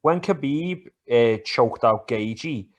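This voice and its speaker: A man co-hosts a casual sports podcast. He talks in an animated, sweary way and teases his mate often, at a mid-range pitch. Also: slow, highs cut off. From England. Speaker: podcast co-host. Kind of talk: casual banter about football and MMA.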